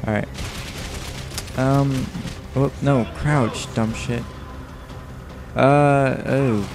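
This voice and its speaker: A tired man talking casually over gameplay, rambling and cracking jokes with plenty of swearing. His pitch sits in the middle for a man. Faint game music plays behind him. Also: steady tone, drawn-out words. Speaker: let's play host.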